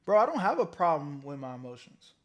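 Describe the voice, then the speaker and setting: A man reacts to a video in a relaxed, slangy way, with a slightly high voice. He talks casually straight to his viewers. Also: quick pace, muffled recording. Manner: laid-back, slangy. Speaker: reaction host.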